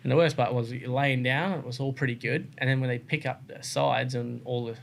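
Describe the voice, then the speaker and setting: An Australian man chats as a podcast guest, spinning long stories in a loose, rambling way. He leans on "like" and "um" as he goes, at an ordinary middle pitch. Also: fairly quick, creaky. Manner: relaxed, rambling, many "like" and "um" fillers. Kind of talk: casual interview storytelling.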